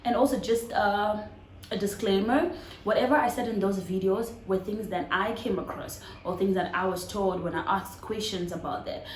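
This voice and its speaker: A woman's voice: medium pitch, moderate pace. Cameroonian lady vlogging, chatty, echoey room, bit of hum behind. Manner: chatty, animated, direct to viewers. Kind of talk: casual vlog talk to camera.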